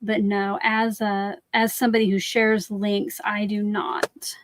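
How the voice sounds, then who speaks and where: A woman's voice: mid-range voice, little pitch movement, measured pace, background noise. A woman hosting a craft livestream, chatting casually and answering viewer comments while she works, often saying "like".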